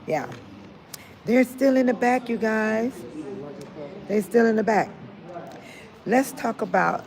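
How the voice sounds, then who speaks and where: An older retired woman chatting casually with viewers on a phone livestream, laughing often and talking straight to them. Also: mid-range voice. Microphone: phone held close to the face.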